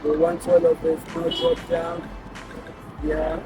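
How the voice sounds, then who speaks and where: A man's voice: fairly high pitch, completely flat delivery, takes it slowly. A young South African man hosting a street challenge, playful and teasing as he hypes up contestants outdoors. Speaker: host of a street challenge show. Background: music playing.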